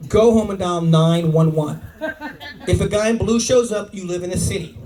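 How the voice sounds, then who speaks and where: A man in his forties telling brash, profane stand-up stories in an animated way. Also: sits high, normal speed. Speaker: stand-up comedian. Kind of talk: stand-up storytelling. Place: live comedy venue. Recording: distant mic with a crowd, comedy club.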